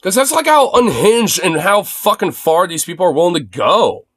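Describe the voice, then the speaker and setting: A man's voice: high-pitched, sing-song, moderate pace, a bit bright, no echo. Profane ranting young male streamer. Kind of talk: livestream commentary rant. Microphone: phone.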